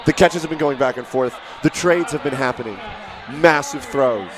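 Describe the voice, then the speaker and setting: A man giving live play-by-play commentary, rising to shouts at big plays. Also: mid-range voice, normal speed, a crowd in the background. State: out of breath.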